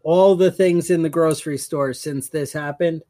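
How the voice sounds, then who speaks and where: A man with a slightly high voice, chatting casually on a podcast. He rambles through stories and laughs easily. The sound is dry and close, with no room echo. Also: steady tone, moderate pace, warm tone. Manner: rambling storyteller, laughs often. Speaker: podcast co-host. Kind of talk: casual chat.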